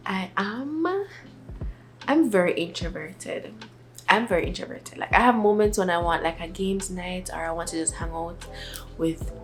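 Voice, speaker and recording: A young woman talks to camera in a relaxed, rambling way, full of filler words. Her voice sits a little low and stays soft. Quiet music plays faintly behind her. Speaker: vlogger. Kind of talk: casual sit-down chat.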